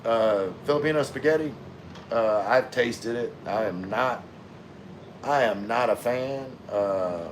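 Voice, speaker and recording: A man's voice: mid-range voice, slow pace, background noise. A middle-aged man hosting a casual livestream, answering viewer comments in a laid-back way with lots of fillers. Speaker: livestream host reading chat.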